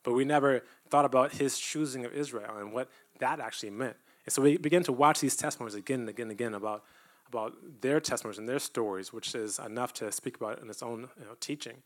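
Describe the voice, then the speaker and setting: A man's voice: mid-range voice, fast. A man giving a testimony-style sermon to a church, talking earnestly and conversationally and at times building up to emphatic preaching. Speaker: church speaker.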